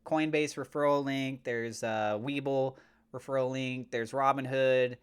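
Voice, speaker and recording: A man hosting a crypto channel, talking through price levels on charts in a steady way, with fillers like uh. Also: mid-range voice, a little slow, clear, resonant tone. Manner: mock-gushing and over the top when praising. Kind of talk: chart analysis commentary.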